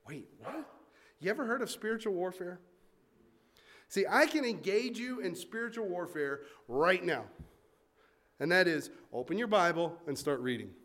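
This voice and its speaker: A man preaching a sermon, swinging from loud emphatic points to quiet asides and acting out listeners' complaints in mock voices. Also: high voice, expressive, normal speed, long pauses. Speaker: pastor.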